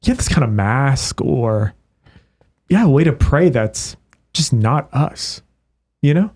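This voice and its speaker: A man who is a priest, chatting on a podcast. He tells stories with animated energy, his voice at an everyday middle pitch. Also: slow pace. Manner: animated storyteller. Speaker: priest guest. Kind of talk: casual podcast conversation.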